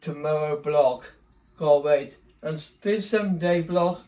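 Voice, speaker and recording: Slow, rambling young man vlogging. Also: fairly high pitch, dark tone. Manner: rambling, self-correcting, laughs often. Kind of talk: casual vlog chat.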